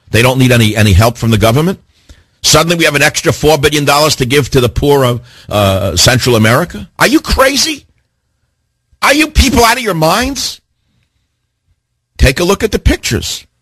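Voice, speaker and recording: Fiery, husky-voiced man ranting. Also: a little high, fairly bright tone, no echo. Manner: impassioned, ranting, hammering rhetorical questions. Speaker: talk radio host. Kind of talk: talk radio monologue.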